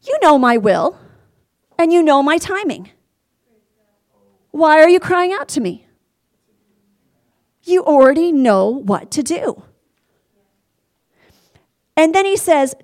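Woman preacher, high voice, lively and earnest sermon delivery. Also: slow pace, pauses often. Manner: animated, earnest, talks straight to the listeners.

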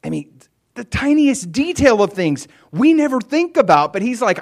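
Animated male preacher. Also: sits high, normal speed. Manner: animated preaching, acting out voices in retellings. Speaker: pastor. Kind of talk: sermon.

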